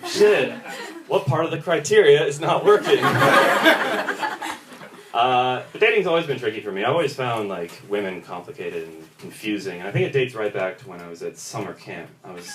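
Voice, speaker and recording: A young man performing a stand-up comedy set in a pub, telling stories and jumping into quick voices for other people. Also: medium pitch. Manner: animated storytelling, acts out others' voices in quick bits. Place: small pub comedy room with audience laughter. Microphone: phone recording from the audience. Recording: roomy, distant phone recording with noise.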